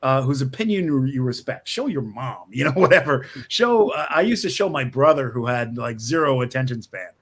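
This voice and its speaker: A man's voice: medium pitch, animated, normal speed, few pauses, fairly bright tone. A middle-aged man, a screenwriter guest, chatting casually and rambling with many restarts and small laughs. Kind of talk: casual interview talk.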